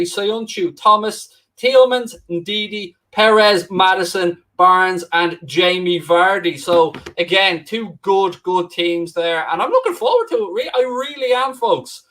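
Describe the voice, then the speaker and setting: A man's voice: sits high, fairly bright tone. An Irish man hosting a live football watchalong, chatting directly to viewers. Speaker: stream host.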